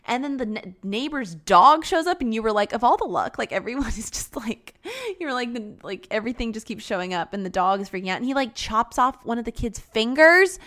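A young woman chatting casually as she retells a film plot, rambling with lots of "like" and acting out lines in high squeaky voices. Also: expressive, a little fast, few pauses, sharp tone. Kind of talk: casual chat recapping a film.

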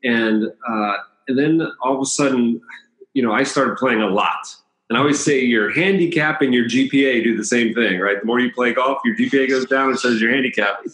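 A talkative man from the Washington, D.C. area recounts his past in a relaxed, storytelling way. His voice sits at an ordinary middle pitch. The room adds a noticeable echo. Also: fairly quick. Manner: chatty, anecdotal, laughs between stories. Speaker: chiropractor. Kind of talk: casual storytelling interview. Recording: roomy echo.

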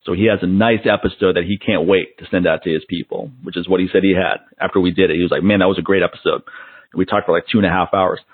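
A man hosting a podcast, chatting casually and acting out little stories with animated voices. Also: sits low, fast talker, few pauses, breathy edge, no room sound. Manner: animated storyteller who mimics others. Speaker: podcast host. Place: Las Vegas. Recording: narrow phone-like sound.

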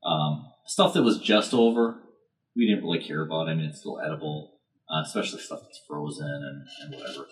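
A man's voice: rumbling low, fairly even intonation, a little fast. A man telling a rambling story on a podcast, hesitant and full of fillers. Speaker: podcast co-host. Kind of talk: casual chat.

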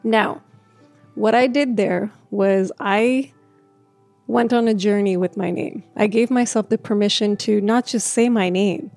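A woman's voice: medium pitch, dry recording. A woman who stutters, telling a personal story in a reflective way, with repeated words and restarts and frequent laughter. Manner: laughs often, speaks in a gentle, reflective way. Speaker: speaker sharing a personal story.

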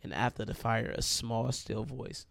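Gravelly-voiced preacher man. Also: mid-range voice, steady tone, measured pace, fairly bright tone, no echo. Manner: conversational, addresses listeners as y'all. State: itchy throat. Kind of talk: sermon.

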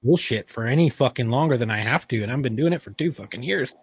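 A man's voice: mid-range voice, lively intonation, fast talker, husky, no echo. A man co-hosting a casual podcast who tells stories brashly and swears heavily. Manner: profane, brash storytelling. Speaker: podcast co-host.

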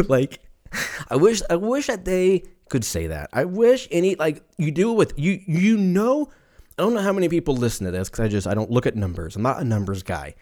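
A man's voice: fairly high pitch, lively intonation, moderate pace, a little mellow. A man hosting a casual solo podcast, rambling off on tangents, swearing freely and laughing at his own jokes. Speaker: podcast host.

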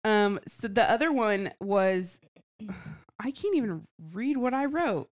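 Woman podcast host chatting about a book, laughs a lot, mid pitch voice. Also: animated, slow pace. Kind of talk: casual book club chat.

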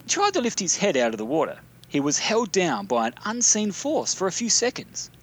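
A man's voice: sits high, wildly swooping pitch, a little slow, a bit bright, slightly rough. An Australian man from South Australia reading out his own spooky hometown story, with casual, dry asides. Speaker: listener sending a recorded story. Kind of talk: reading a written story aloud.

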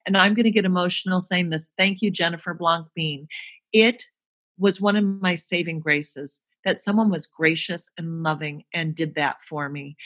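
A woman's voice: fairly low pitch, sharp tone. Earnest woman telling a personal story. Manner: earnest, emotional, acts out quoted voices. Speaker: guest, actress.

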